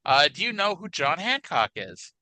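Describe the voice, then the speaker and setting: Bright, dry-voiced podcast co-host. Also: male voice, a little high, very animated, normal speed, no echo, low-quality recording. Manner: chatty, wry, hedging asides. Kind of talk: casual chat.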